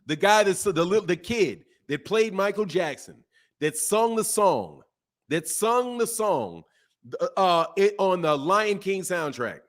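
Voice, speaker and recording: A man with a fairly high voice rants in casual commentary, repeating himself and firing off rhetorical questions. He sounds animated and talks straight at his viewers. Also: takes it slowly. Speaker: boxing commentator.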